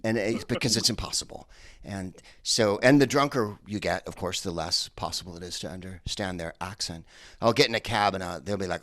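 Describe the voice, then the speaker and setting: A man's voice: sits low, a little fast, a bit bright, no room sound, clean studio sound. Rambling man doing stand-up from home. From San Francisco. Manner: rambling, digressive delivery with many fillers. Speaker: stand-up comedian. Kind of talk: stand-up set over a video call. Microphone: earpiece headset.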